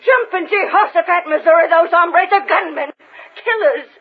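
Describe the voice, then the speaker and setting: A woman's voice: very high voice, moderate pace. A woman playing a bossy, scolding frontier ranch woman in a folksy drawl, in a 1940s radio drama. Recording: tinny old radio recording, faint hiss.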